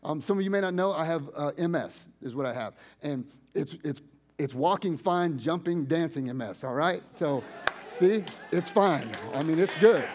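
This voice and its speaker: A man preaching a sermon, telling personal stories conversationally and switching between loud and hushed delivery. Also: a little high, normal speed, a little hiss or hum. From United States. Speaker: pastor. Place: church sanctuary.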